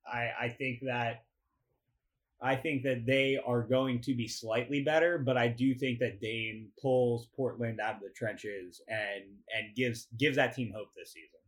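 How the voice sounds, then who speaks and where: A young man in the middle of a sports podcast rant, swearing freely and tossing out mocking rhetorical questions. His voice sits at an ordinary middle pitch and jumps up whenever he gets fired up. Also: steady tone, measured pace. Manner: profane, ranting, laughs and rises in pitch when worked up. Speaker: podcast co-host. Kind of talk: casual sports chat.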